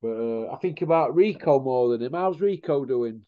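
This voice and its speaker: A man's voice: mid-range voice, expressive, normal speed. A man hosting a casual chat, telling rambling stories in blunt slang. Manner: rambling storyteller, blunt northern English slang. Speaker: host. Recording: dull lo-fi sound.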